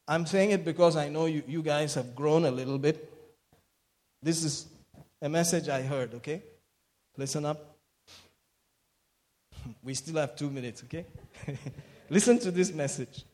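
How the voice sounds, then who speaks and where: A man preaching a sermon in an animated way, swinging from loud exclamations to hushed retelling, often laughing between phrases. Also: a little high. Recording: echoey hall.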